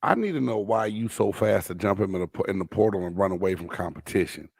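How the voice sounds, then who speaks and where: A man's voice: low voice, fast talker, creaky, no echo, clean studio sound. A man co-hosting a casual sports debate show, blunt and emphatic, swearing casually.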